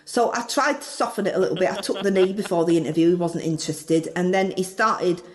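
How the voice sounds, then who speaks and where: A woman's voice: lowish voice, quick pace, lightly acted. A woman with a Northern English accent playing a brash, chirpy parody of a female politician, telling a cheeky, self-mocking story in a comedy sketch.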